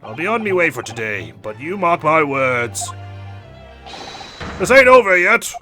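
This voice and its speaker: Guy doing a rowdy troublemaker, brash and loud, kinda high. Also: sing-song, measured pace, heavily acted. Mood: belligerent. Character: gruff rowdy male troublemaker. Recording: game music behind voice.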